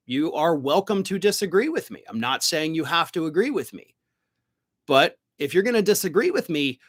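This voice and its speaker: A man's voice: high-pitched, fairly bright tone. A middle-aged man hosting a live political stream, reading viewer comments and answering them bluntly, swearing when he gets worked up.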